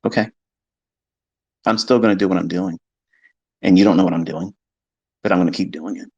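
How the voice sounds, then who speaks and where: A man's voice: low-pitched, a little fast, vocal fry, slightly rough, muffled recording. A man talking to listeners on a live audio stream, blunt and emphatic, swearing freely and mimicking his skeptics. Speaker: trading educator hosting a live audio space. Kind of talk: casual monologue to listeners.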